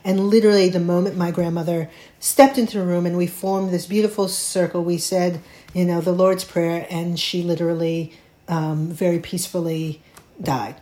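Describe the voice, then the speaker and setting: A middle-aged woman, a playwright, telling a personal story in an interview, thoughtful and halting, with many restarts. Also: lowish voice, little pitch movement, warm tone. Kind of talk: reflective conversational storytelling.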